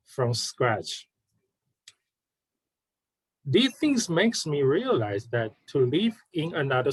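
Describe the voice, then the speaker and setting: A man's voice: medium pitch, slightly rough, dry recording, low-quality recording. Taiwanese-accented man, casual, hesitant, restarts a lot, dry sound, mid-range voice. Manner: halting, frequent restarts. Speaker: guest. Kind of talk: casual conversation.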